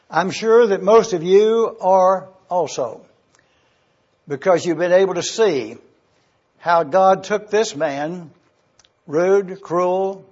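Slow, high-voiced preacher man. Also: a little mellow, lo-fi sound. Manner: slow, deliberate Bible teaching with spelled-out words. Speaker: pastor. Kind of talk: sermon.

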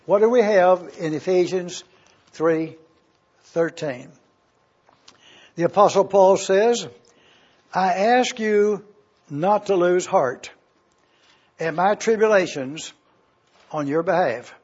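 A man preaching an expository sermon, slowly explaining Greek words and spelling them out letter by letter. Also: high voice, a little mellow, slightly rough. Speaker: pastor teaching Bible Greek. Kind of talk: expository Bible teaching. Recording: dull lo-fi recording.

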